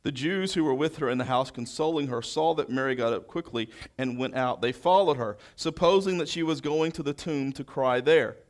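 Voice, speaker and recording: Speaking in a mid-range voice at a moderate pace with hardly any pauses, a man preaches a sermon. He reads scripture one verse at a time and then expounds, alternating between loud proclamation and hushed quiet.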